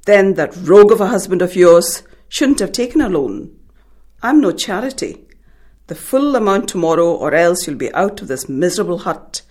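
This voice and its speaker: A woman's voice: lowish voice, very animated, moderate pace, darkish tone. A woman reading aloud, voicing an angry male moneylender who roars threats at a poor widow. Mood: roaring threat. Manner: roaring, contemptuous.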